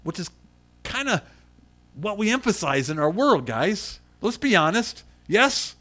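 A man's voice: sits high, big pitch swings, a little slow, sharp tone. Middle-aged guy preaching a sermon, talks like he's chatting, calls out people in the pews. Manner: conversational, calls on people by name. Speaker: pastor.

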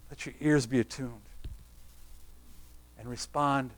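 A man preaching a sermon, pressing his listeners with repeated rhetorical questions and sinking to a soft, quiet close. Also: mid-range voice, fairly even intonation, slow pace.

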